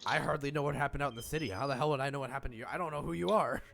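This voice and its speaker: A man voicing a bewildered, short-tempered castle dweller in a tabletop game, answering in quick, exasperated retorts. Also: mid-range voice, vocal fry, fairly bright tone, soft background music.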